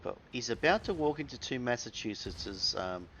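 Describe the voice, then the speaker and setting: A man's voice: medium pitch, expressive, normal speed, sharp tone, slight background noise. An Australian man giving casual, wry commentary over his own gameplay, full of crude slang.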